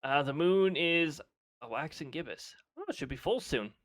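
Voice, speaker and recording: A man's voice: on the high side, expressive, normal speed, a bit bright. A man chatting casually on a live stream, laughing often and reading off weather details.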